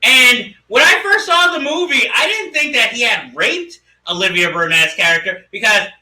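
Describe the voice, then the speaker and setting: A man co-hosting a casual movie discussion podcast, animated and laughing often as he acts out lines. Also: extremely high pitch, moderate pace, echoey room, far from the mic, poor audio. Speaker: podcast co-host.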